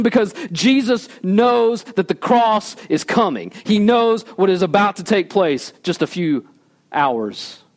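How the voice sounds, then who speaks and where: A man pastor preaching a conversational sermon at a church service, animated and casual, often checking in with the audience and sometimes dropping to a quiet low voice for emphasis.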